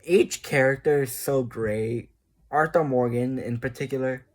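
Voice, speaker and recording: A man's voice: mid-range voice, unhurried. A man making a video, chatting casually and rambling, laughing often and joking at his own expense. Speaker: video creator. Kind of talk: casual chat about a video game.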